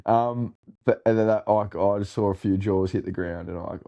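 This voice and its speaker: Laid-back Australian bloke telling a story. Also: male voice, fairly low pitch, steady tone, moderate pace, mellow, dull audio. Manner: rambling, laughing, heavy swearing and slang. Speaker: co-host telling a road-trip story. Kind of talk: casual storytelling chat.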